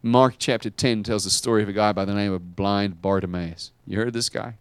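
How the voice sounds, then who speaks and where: A man preaching a sermon as pastor, dramatic, swinging from quiet asides to shouted lines. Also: lowish voice, fairly even intonation, brisk, clean tone, dry recording.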